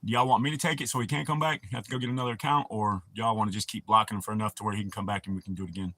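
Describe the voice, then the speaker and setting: A man's voice: fairly low pitch, fairly even intonation, racing, sharp tone, no echo. A man, hosting a casual livestream and rambling crudely with a lot of swearing. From United States. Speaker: livestream host.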